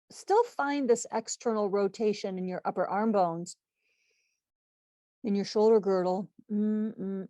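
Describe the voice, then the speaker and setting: A woman teaching a live online yoga class, giving calm, steady cues over a video call. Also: a little high, no echo. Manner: calm cueing with self-correcting laughs.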